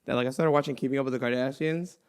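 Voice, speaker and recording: A man co-hosting a podcast in casual chat, relaxed and teasing. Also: medium pitch, very fast, clear, resonant tone. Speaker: podcast co-host.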